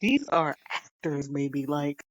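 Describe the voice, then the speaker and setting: A woman's voice: low-pitched, expressive, slow pace. A woman, a guest on a casual TV review chat, chatty and laughing as she acts out quotes. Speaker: podcast guest.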